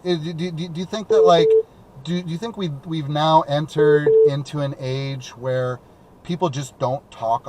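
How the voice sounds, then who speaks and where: A young man hosts a call-in show from his car, talking in a loose, rambling way full of restarts and fillers. His voice sits at a medium pitch. A faint hum of noise runs behind him. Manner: rambling, repeats words, many fillers. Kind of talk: casual chat. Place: driving around in a car.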